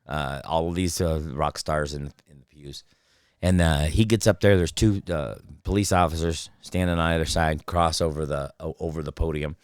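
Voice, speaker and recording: A man in his fifties, a guest comedian and voice actor, telling animated, profane anecdotes in casual chat, acting out the people he quotes, on a close studio mic. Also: a bass voice, moderate pace, smooth, no room sound. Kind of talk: casual storytelling. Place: podcast studio.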